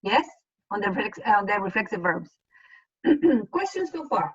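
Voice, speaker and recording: A woman's voice: medium pitch, very animated, moderate pace, husky, highs cut off. A woman teaching a Spanish class over a video call, explaining patiently and step by step. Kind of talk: online class lesson.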